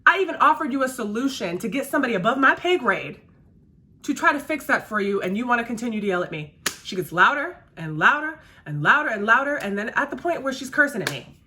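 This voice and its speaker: A woman's voice: fairly high pitch, big pitch swings, fast, bright, forceful tone, a little hiss or hum. A woman who works as a restaurant server, chatting casually and emphatically while doing her makeup, repeating her key phrases. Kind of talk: casual chat during a makeup routine.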